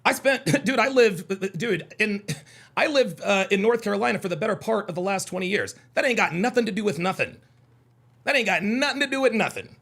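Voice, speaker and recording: A man's voice: high-pitched, expressive, a little fast, creaky, a bit bright. A man from the American South hosting a live call-in reaction show, talking in a profane, combative way and often repeating himself. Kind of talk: heated live reaction commentary.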